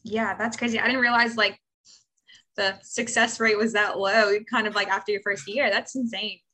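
A woman interviewer chatting casually, reacting quickly and asking her guest questions. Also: mid-range voice, steady tone, bright, forceful tone. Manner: friendly, asks questions and gives quick reactions.

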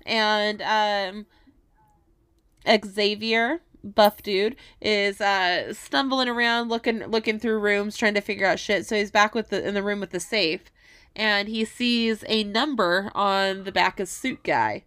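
A woman's voice: medium pitch, a little slow, fairly bright tone, smooth. Profane, casual woman recapping a movie. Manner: casual and profane, with hesitant fillers. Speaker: podcast co-host.

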